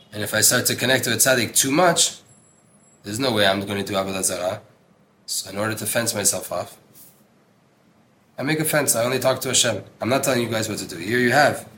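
A man's voice: on the low side, bright, forceful tone, slight background noise. A man teaching a Torah class in an earnest, emphatic way, reading a text aloud and translating it, with Hebrew terms mixed into his speech. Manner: earnest, emphatic, repeats words for stress. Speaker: religious teacher.

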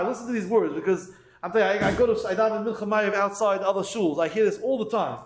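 High-voiced man preaching in an echoey room. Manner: reads Hebrew and Aramaic phrases slowly, then translates quickly; acts out doubters' voices in quotes. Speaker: rabbi giving a Torah talk. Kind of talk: sermon.

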